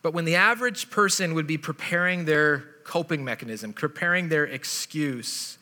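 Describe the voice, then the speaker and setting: A man's voice: fairly high pitch, moderate pace, pushed and bright. A male pastor preaching a sermon and retelling a story in a casual, conversational way. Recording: long reverb of a large hall.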